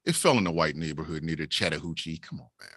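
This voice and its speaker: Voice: a bass voice, quick pace, no room sound, clean studio sound. A podcast co-host telling a wild story with lots of swearing. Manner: animated, profane storytelling. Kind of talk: casual storytelling.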